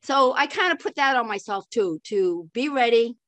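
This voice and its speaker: An older woman, a podcast guest, telling a story in an animated way with frequent laughs and acted-out dialogue. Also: on the high side, moderate pace, no echo. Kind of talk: storytelling interview.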